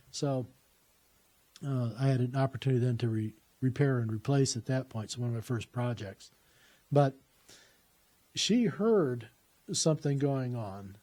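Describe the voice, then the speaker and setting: A man's voice: medium pitch, dark tone. A man telling a personal story in a conversational way, recounting what people said to him.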